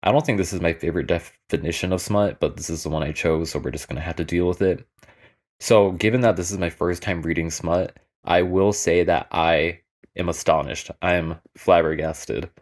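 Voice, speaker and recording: Wry, deep-voiced young male scientist. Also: moderate pace. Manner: candid, wry, deadpan humor. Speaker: lab scientist presenting. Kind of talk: casual comedic presentation.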